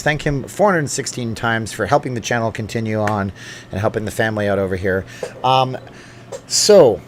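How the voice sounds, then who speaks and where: In a laid-back late-night livestream from home, a middle-aged male host with a slightly low voice reads viewer comments aloud and responds to the live chat. His manner is chatty and joking, and he thinks aloud with fillers and asides. A little hiss or hum is audible.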